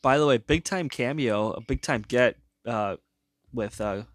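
A man's voice: mid-range voice, unhurried, no echo, clean studio sound. A man co-hosting a podcast, making wry remarks while discussing a movie. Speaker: podcast co-host.

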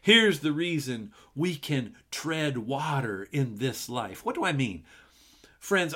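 A middle-aged man preaches a sermon at an unhurried, deliberate pace. His voice sits at an ordinary middle pitch, and he moves from earnest scripture reading into relaxed, conversational asides to the congregation. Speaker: pastor.

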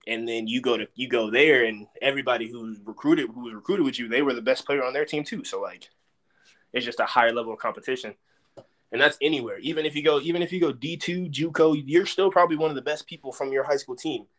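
Young man telling a lively story. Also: medium pitch, fast. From Dallas, Texas. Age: young adult. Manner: animated storyteller, acts out quotes loudly. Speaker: podcast guest, former college football player. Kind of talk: casual storytelling interview.

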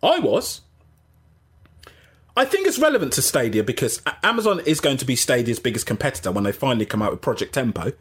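A man hosting a casual gaming livestream, rambling and animated, often interrupting himself. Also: medium pitch, fast, breathy edge. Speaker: gaming channel host.

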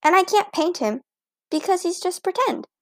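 A woman doing stubborn little Ramona, high and shrill. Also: animated, moderate pace, no echo, studio quality. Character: stubborn little preschool girl. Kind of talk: audiobook character voice.

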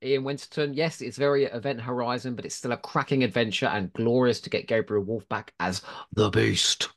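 A man's voice: mid-range voice, steady tone, brisk, creaky, fairly bright tone. A man co-hosting a podcast, chatting casually, reading listener reviews aloud and laughing often. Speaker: podcast co-host.

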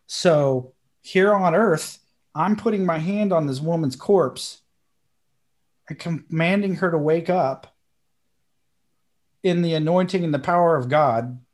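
Man, podcast co-host, pitched a bit high, vivid storyteller who jumps up for quoted lines. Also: slow, pauses often. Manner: animated, acts out quotes with sudden high bursts. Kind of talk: storytelling in casual chat.

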